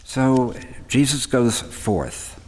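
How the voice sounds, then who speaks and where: A man giving a reflective sermon, thoughtful and measured, pausing and restarting as he thinks aloud. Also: medium pitch, lively intonation, darkish tone, breathy edge. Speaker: preacher. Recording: long hall reverb.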